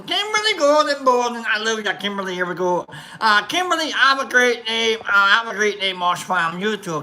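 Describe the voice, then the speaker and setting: A livestream host with a mid-range, pushed, bright voice chats casually, reading viewer comments and greeting people by name. He rambles playfully, full of fillers and restarts. There's slight background noise and the audio is poor.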